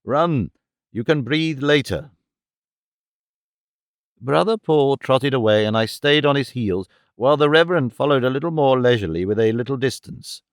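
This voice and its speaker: Man, audiobook narrator, first person, even storytelling, dry recording. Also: medium pitch, fairly quick, few pauses, clear, resonant tone, no echo.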